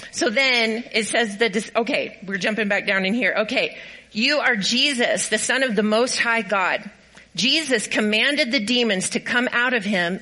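A woman's voice: fairly high pitch, sharp tone, low-quality recording. A woman pastor giving a sermon, cheerfully directing volunteers through a skit and reading scripture aloud. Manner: upbeat and encouraging.

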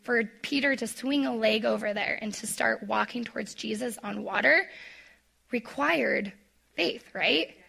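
A woman's voice: a little high, measured pace, gravelly, sharp tone, slightly rough. A woman leading a women's Bible study in a casual devotional talk. She speaks chattily, uses lots of "like," acts out quotes, and addresses the listeners directly. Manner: talks to the audience directly.

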